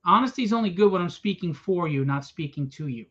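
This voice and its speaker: Man, high-pitched, blunt and confrontational, ranting to a small crowd, dull lo-fi sound. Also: expressive, fast, fairly bright tone, breathy edge. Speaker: comic book publisher. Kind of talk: impassioned rant to a small crowd. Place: room at a convention event. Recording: dull lo-fi event recording.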